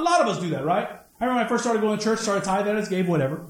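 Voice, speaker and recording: A man's voice: high-pitched, expressive, racing, hardly any pauses. A male pastor preaching a sermon with energy, repeating phrases for emphasis. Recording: echoey room.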